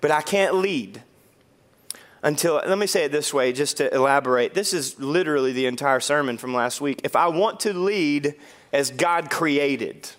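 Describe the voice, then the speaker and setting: Male pastor, high voice, lively sermon delivery, playful quick asides, slow emphatic lines. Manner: animated, joking, swings between quick asides and slow emphatic phrases.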